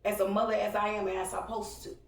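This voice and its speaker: A woman's voice: medium pitch, little pitch movement, fast talker, vocal fry, far from the mic, slight background noise. A blunt, profane woman, giving a heated, confrontational monologue to her viewers. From Texas. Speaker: vlogger. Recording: roomy echo, speaking from away from the mic.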